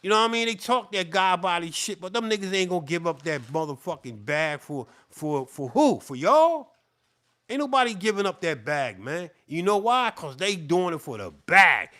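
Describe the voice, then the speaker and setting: A middle-aged man delivers a heated, profane rant straight to camera, circling back to the same points again and again. His voice sits high, with a bright, forceful edge. He sounds worked up and sweating as he keeps pushing on. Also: sing-song, moderate pace. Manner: profane, repetitive, fired-up. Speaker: beatmaker.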